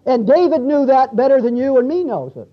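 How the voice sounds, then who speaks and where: High-voiced preacher in a dull lo-fi recording. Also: male voice, animated, fairly quick. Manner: conversational, asks the congregation questions, reads scripture aloud. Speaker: pastor. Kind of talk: expository sermon. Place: church.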